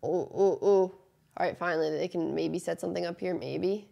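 A woman's voice: on the low side, moderate pace, vocal fry, dull audio. A young woman streaming her live reaction to a hockey game, calling the plays and groaning at sloppy ones. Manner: exasperated, groans at sloppy play.

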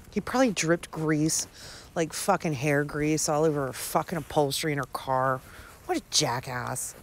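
Woman commentator, sarcastic and crude; low voice that swings wide, slow pace. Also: a little hiss or hum. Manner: sarcastic, profane, lively swings into high exclamations. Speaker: comedy commentator. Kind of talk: mocking commentary on read-out texts.

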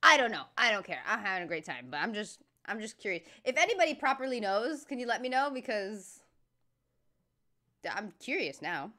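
A woman hosting a reaction video, chatty and thinking out loud. Her voice is mid-pitched and bright, with a forward, sharp edge. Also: very animated, fairly quick. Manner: chatty, musing aloud. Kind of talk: casual reaction commentary.

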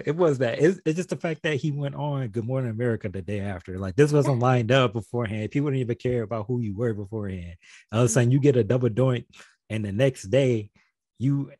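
A man hosting a podcast in a relaxed, joking way, often trailing off and restarting. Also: mid-range voice, fast, slightly rough, no echo. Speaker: podcast host. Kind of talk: casual chat.

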